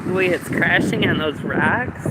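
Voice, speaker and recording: A woman's voice: lowish voice, unhurried. A woman vlogging on her phone from a windy lakeshore, chatty and shivering from the cold, breaking into gushing exclamations. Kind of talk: casual live-stream chat. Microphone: phone camera. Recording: loud wind noise on phone mic.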